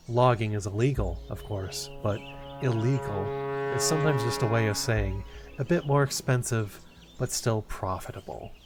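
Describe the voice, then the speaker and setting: Man voicing a solemn forest defender, slow and weighty, deep voice, low music underneath. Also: natural voice. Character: calm, bitter middle-aged man defending the forest. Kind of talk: reading game dialogue aloud.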